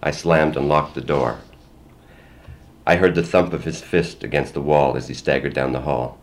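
Older man, first-person story narration, extremely deep voice, plain measured reading. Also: steady tone. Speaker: memoir reader.

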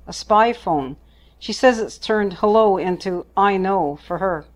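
A woman reading her own first-person story aloud with a measured, understated delivery. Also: on the low side.

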